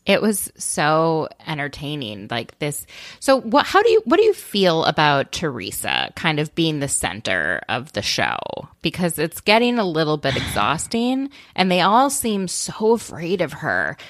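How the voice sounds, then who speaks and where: A woman's voice: deep voice, wildly swooping pitch, a little slow, no echo, studio quality. A woman co-hosting a podcast in casual chat, talking in a thoughtful, meandering way and often restarting her sentences. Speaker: podcast co-host.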